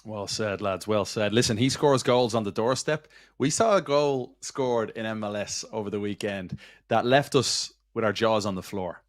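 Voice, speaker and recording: A man's voice: on the low side, moderate pace, dry recording. Guy hosting a soccer show, punchy banter, dry close mic. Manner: energetic, teasing banter. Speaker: host. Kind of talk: casual sports chat.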